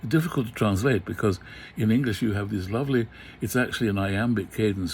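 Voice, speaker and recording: A man's voice: fairly low pitch, a little fast, a little hiss or hum. An older man lecturing to an online class on a famous monologue, musing with many fillers and slipping into dramatic recitation. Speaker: literature lecturer. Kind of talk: lecture on Shakespeare with recited verse. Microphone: computer mic for an online class.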